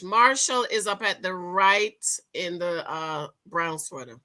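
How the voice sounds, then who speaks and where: A woman casually recapping a reality TV episode, chatty and emphatic, talking straight to her viewers and breaking into excited outcries. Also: on the low side, measured pace. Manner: bursts into excited loud outcries. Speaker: TV show recap host.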